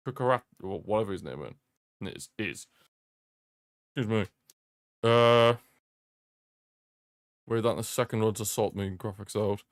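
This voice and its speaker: Clean studio sound with no echo captures this young man's medium-pitched voice through a streaming desk mic. Hosting a live football watch-along, he comments casually on the match, laughing a lot and repeating jokey rants.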